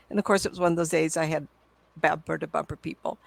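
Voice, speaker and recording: A woman in her seventies, a psychic medium, telling stories to an audience in an excitable, chatty way with frequent laughs. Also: lowish voice, a little fast, vocal fry, dry recording. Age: 70s. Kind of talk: storytelling talk to an audience.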